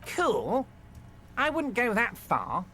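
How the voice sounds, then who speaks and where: A man's voice: very high voice, wildly swooping pitch, slow pace, pushed and bright, a little hiss or hum, heavily acted. A man voicing a fawning middle-aged union boss who talks in an oily, overly reassuring, theatrical way. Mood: smarmy. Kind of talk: fan voice acting of a game.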